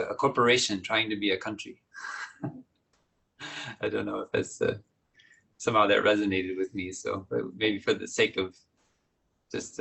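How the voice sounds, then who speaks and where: Man, monastic teacher, dharma talk, low pitch, gravelly, gentle, pausing. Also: low-quality recording. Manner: gentle, reflective, many pauses and soft laughs.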